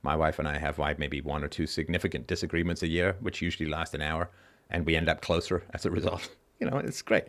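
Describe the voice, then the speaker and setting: A man's voice: a bass voice, fairly even intonation, quick pace, hardly any pauses, a bit bright. A man hosting a call-in show, giving an emphatic philosophical monologue and repeating key lines for stress. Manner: briefly acts out other people's reactions in mocking voices.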